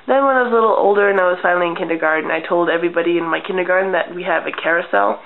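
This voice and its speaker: A young woman vlogger telling childhood stories in a casual, deadpan way, acting out little scenes. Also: lowish voice, very fast, gravelly. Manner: chatty, deadpan humor, acts out childhood scenes. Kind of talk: casual storytelling vlog. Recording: tinny lo-fi webcam audio.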